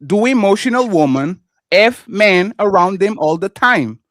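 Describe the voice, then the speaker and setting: A man's voice: high-pitched, animated, measured pace, fairly bright tone, no room sound. A man co-hosting a live panel show, speaking English as a second language, insistently cutting in and lecturing a guest in a heated debate. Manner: insistent, repeats "sir" to cut in, lecturing.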